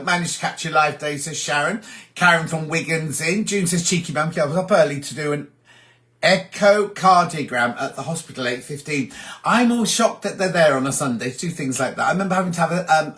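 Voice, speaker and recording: A man's voice: fairly high pitch, pushed and bright. A man from England hosting a casual live chat, reading viewer comments aloud and answering them.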